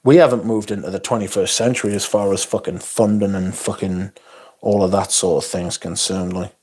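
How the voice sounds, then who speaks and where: A man's voice: low voice, fairly even intonation, a little fast, darkish tone, husky. A man hosting a casual livestream. He reads viewer comments aloud and answers them bluntly, swearing often and adding asides. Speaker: livestream host. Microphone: phone.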